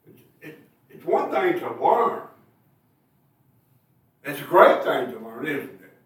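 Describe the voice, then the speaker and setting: In a heavily echoing church, a male preacher preaches at a slow pace, his voice high and animated. He leans on rhetorical tag questions and emphatic bursts to press his points, and he sounds set back from a distant mic.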